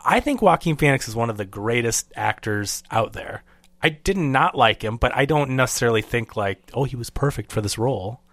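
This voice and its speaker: A man's voice: medium pitch, expressive, moderate pace, fairly bright tone, no room sound. A man chatting casually about a movie, rambling and acting out quotes in funny voices. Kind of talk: casual chat.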